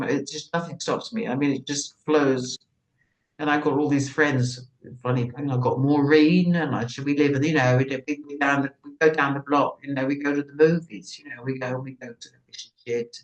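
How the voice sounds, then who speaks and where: A woman's voice: a bass voice, rough recording. An older woman, an actress being interviewed, talking in a rambling, anecdotal way with frequent restarts. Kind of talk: casual conversation.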